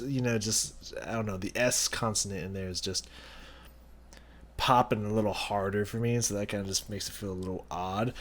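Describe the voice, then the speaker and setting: A man hosting a music reaction video, thinking aloud as he analyzes a song and searching for his words. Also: on the low side. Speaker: music reaction channel host.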